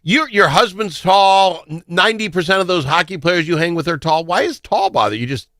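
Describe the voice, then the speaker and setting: A man's voice: sits high, brisk, sharp tone, no room sound, clean studio sound. A man hosting a radio talk show in a teasing, opinionated, casual way.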